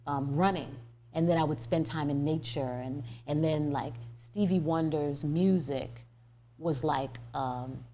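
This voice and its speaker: A woman with a deep, low-set voice tells her story as a podcast guest. She talks earnestly and reflectively, often restarting mid-thought as she searches for words. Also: measured pace, mellow, slight background noise.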